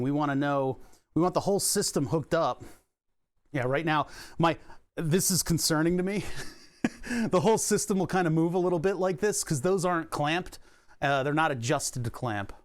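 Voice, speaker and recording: Casual male streamer, a bit high-pitched, joking and self-deprecating while tinkering. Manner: joking, self-deprecating, swears when hurt. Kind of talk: casual live-stream chat while building hardware.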